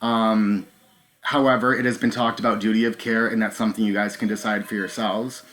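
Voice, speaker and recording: A man hosting a live stream, talking straight to his viewers in a halting, nervous way with many filler ums. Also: lowish voice, little pitch movement, a bit bright. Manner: talks to viewers directly. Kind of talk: live stream recounting events.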